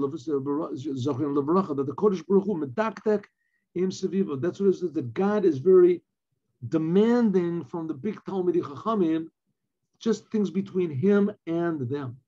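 Animated rabbi teaching a Torah lesson. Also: male voice, fairly high pitch, breathy edge, dull audio. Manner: animated, mixes Hebrew phrases with English explanation. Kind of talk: Torah lesson, reading Hebrew text and translating.

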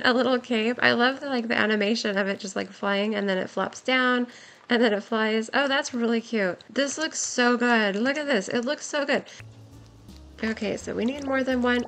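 A young woman giving excited, giggly commentary while playing a game, her voice worn from a long stream. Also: fairly high pitch, moderate pace. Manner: gushing, giggly, exclaims often. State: voice nearly gone, worn.

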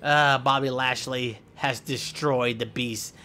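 A young man giving goofy, excitable play-by-play commentary over a game, yelping and shouting in mock pain. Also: medium pitch, slow. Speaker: gameplay commentator.

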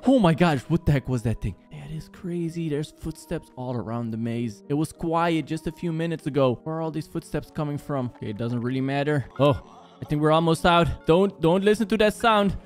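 A young man with a slightly high voice talks to his viewers while he plays a horror game, full of startled exclamations. Game music runs quietly behind him. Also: brisk. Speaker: gaming channel host. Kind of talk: live game commentary.

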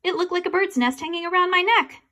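A woman reading a children's chapter book aloud in an expressive, animated way. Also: very high-pitched, fast. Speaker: reader.

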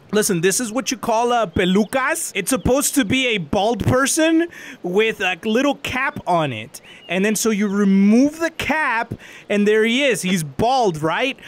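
A man playing a VR dating game, joking loudly, laughing and teasing his date. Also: high voice. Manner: goofy, loud, laughing, playful mock flirting. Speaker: VR gaming YouTuber. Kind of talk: comedic gaming commentary.

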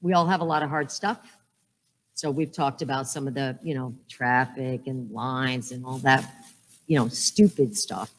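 A woman's voice: a bass voice, fairly even intonation, moderate pace. Joking woman in an echoey hall. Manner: joking storyteller, frequent "right?". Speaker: conference speaker. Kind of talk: humorous talk. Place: conference hall. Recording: echoey hall with long reverb.

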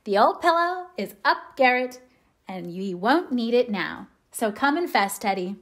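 A woman's voice: fairly high pitch, a little slow, exaggerated voice. A woman voicing a spirited, exclaiming young woman. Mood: teasing. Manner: excited, exclamatory. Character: lively young woman, warm-hearted and blunt. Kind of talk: audiobook reading.

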